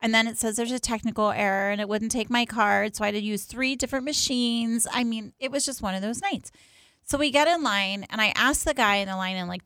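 A woman co-hosting a podcast in casual chat, telling a lively story with acted-out quotes and asides. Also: a little high, a little fast, smooth, no room sound. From East Coast of the US. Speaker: podcast co-host.

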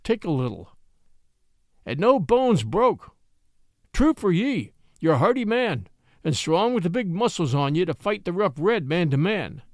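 A man's voice: sits high, sing-song, unhurried, no echo, clean studio sound, full character voice. A man voicing a kindly, emotional camp cook who speaks in a soothing brogue. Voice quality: soothing brogue, wailing when upset.

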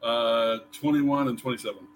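A man's voice: mid-range voice, normal speed, a little hiss or hum, low-quality recording. A middle-aged man joking dryly in a loose podcast chat. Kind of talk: casual chat.

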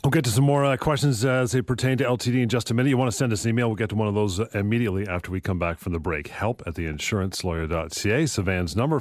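Man, radio host, brisk, rapid talker, low-ish pitch, dry studio sound. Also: no room sound. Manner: brisk, plugging contact details and reading listener emails. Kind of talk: radio talk show hosting.

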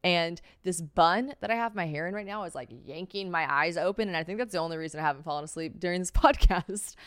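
A tired young woman hosts a podcast solo, telling stories in a chatty, profane way with lots of fillers and sounding worn out. Her lowish voice is fast, fairly bright, clear, and resonant, captured in clean studio sound with no room ambience.

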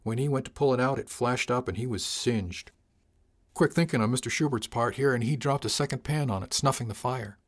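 A stiff young male officer in a spoken audiobook, voiced by the narrator. He reports in a formal, dutiful way. His pitch is middling. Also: fairly quick, natural voice.

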